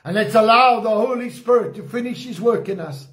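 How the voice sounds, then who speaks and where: A man with an Eastern Cape South African accent preaching a communion sermon, slowing down to stress key phrases. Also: high-pitched, a bit bright, roomy sound. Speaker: pastor.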